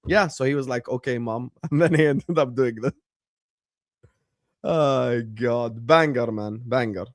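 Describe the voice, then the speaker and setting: A man hosting a casual live watchalong, chatty and bursting into excited shouts. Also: mid-range voice, a little slow, no echo, studio quality. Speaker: livestream host.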